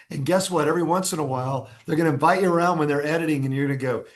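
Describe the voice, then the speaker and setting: On a casual podcast, a designer-entrepreneur guest tells stories very fast with few pauses, his voice on the high side. He's animated, acting out dialogue and restarting many times.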